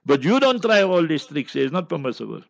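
Guy, mufti doing a q&a show, fiery and preachy, voice on the high side, kinda dull lo-fi sound. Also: very animated, brisk, vocal fry. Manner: fiery, preachy, jumps into anecdotes. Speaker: mufti answering listener questions. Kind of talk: religious question-and-answer talk.

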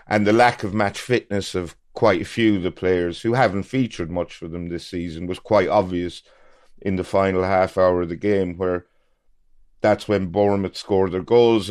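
Guy, lowish voice, matter of fact about football, dry mic. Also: no room sound. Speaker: football pundit. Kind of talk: casual football chat.

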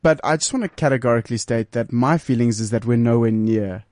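Teasing radio co-host. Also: male voice, mid-range voice, fairly quick, a little mellow, no room sound, clean studio sound. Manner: teasing, jokey. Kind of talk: casual radio talk show banter.

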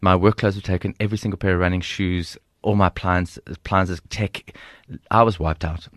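A middle-aged South African man with a South African accent, a guest telling stories in an interview in an animated, humorous way. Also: sits low, moderate pace, no room sound, clean studio sound. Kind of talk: storytelling interview.

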